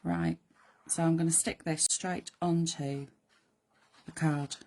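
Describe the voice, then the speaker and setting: A woman with a croaky voice hosting a live card-making demonstration, chatting in rambling asides to her viewers. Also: deep voice, steady tone, slow, a little mellow. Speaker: crafting host.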